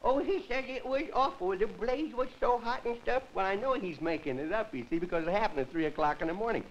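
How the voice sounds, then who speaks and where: A man's voice: high voice, animated, fast talker, slight background noise. A comedian hosting a variety show, rambling through folksy family stories and chuckling at his own jokes. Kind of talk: stand-up comedy monologue. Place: TV studio stage before a live audience. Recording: dull early 1950s TV broadcast with loud audience laughter.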